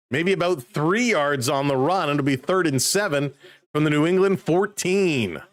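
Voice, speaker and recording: A man casually calling football play-by-play on a live stream, chatting excitedly with viewers. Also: a little high, a little slow, dry recording.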